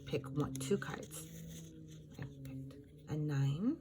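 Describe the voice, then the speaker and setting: Slow, patient woman teacher. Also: deep voice, background noise. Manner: slow, patient counting aloud, sing-song chant. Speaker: kindergarten teacher. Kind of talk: classroom math lesson.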